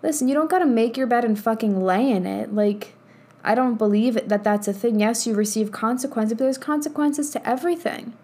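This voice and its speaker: A woman's voice: on the high side, brisk, warm tone, breathy edge. A woman in her thirties hosting a casual motivational monologue as a spiritual coach, blunt and profane, laughing often. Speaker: podcast host and spiritual coach.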